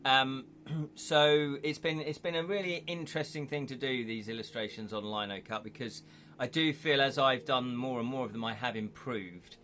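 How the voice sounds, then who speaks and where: A man's voice: mid-range voice, moderate pace, sharp tone. Chatty man chatting on a live stream. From United Kingdom. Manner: chatty, rambling, reads out viewer comments. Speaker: streamer and illustrator. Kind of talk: casual live-stream chat.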